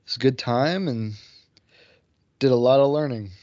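A young man in college co-hosting a sports podcast, talking in a relaxed, easygoing way. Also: medium pitch, normal speed, dry recording. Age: young adult. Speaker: podcast co-host. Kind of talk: casual sports chat. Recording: dry dull lo-fi audio.

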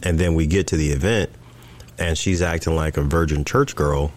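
A podcast co-host with a very deep voice tells a story in casual conversation at a moderate pace. He's an animated storyteller who acts out the quoted dialogue.

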